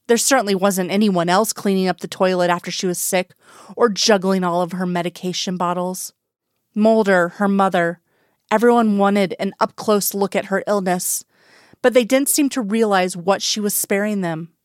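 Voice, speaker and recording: A woman reading a story aloud in calm, even narration. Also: medium pitch, moderate pace, dry recording, studio quality. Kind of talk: audiobook narration.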